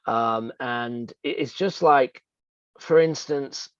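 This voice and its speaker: A man's voice: medium pitch, slow pace, smooth, no echo, muffled recording. A man co-hosting a coaching talk, explaining earnestly with examples and rhetorical questions. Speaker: real estate coach and co-host.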